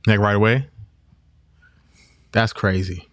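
A man hosting a podcast, reacting to a story as a lively listener who asks quick questions. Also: fairly low pitch, no echo, clean studio sound. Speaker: podcast host. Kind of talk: casual chat.

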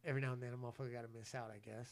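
A man's voice: medium pitch, level tone, racing, creaky. A man hosting a podcast in casual chat, slangy and profane, often stammering as he restarts his sentences. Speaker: podcast host.

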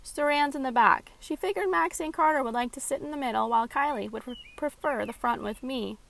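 A woman voicing a kindly middle-aged restaurant owner, telling his family story calmly. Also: high voice, fairly quick, creaky, pitched above the performer's own voice, low-quality recording.

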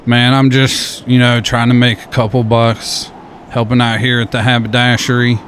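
A man improvising a game role-play in a relaxed, plain voice, playing along. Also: medium pitch, normal speed, a little hiss or hum. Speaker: player roleplaying a character.

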